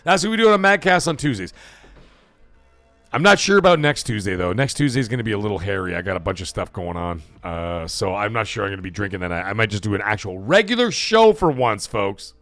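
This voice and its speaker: A middle-aged man hosting a live stream in loose, profane, rambling chat that breaks into bursts of shouting. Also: lowish voice, big pitch swings, quick pace, no echo, soft background music. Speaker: livestream host.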